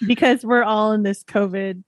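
A young woman co-hosting a podcast, talking in a slow, relaxed, chatty way. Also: medium pitch, dry recording. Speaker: podcast co-host. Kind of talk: casual chat.

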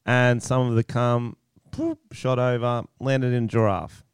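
A man's voice: medium pitch, fairly even intonation, a little slow, clear, resonant tone, no room sound, studio quality. A man co-hosting a comedy podcast, joking crudely and laughing often. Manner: giggly, teasing, jokey. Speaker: podcast co-host.

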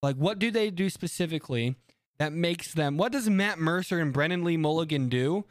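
A man co-hosting a casual podcast chat, animated and quick to joke and laugh. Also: fairly high pitch, dry recording. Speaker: podcast co-host.

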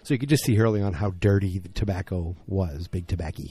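A man's voice: low voice, fast, warm tone, breathy edge, no room sound. A tired man hosting a podcast late at night, rambling through a casual episode recap and correcting himself as he goes. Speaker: podcast host.

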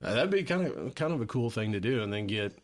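A man's voice: medium pitch, very animated, fast talker. A man musician chatting casually, rambling with restarts and casual swearing. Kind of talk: casual chat.

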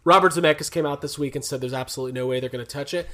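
A man's voice: on the high side, steady tone, rapid-fire, a bit bright. A man hosting a podcast in casual chat, joking and laughing as he talks. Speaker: podcast host.

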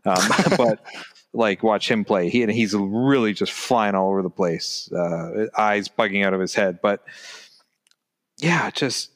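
A man co-hosting a podcast in casual chat, excitable and laughing often, acting out drum sounds. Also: fairly low pitch, a little slow. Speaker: podcast co-host.

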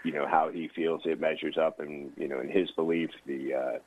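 A man hosting a radio interview, talking haltingly with many fillers. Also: extremely low pitch, fairly even intonation, breathy edge. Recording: tinny phone-like radio sound.

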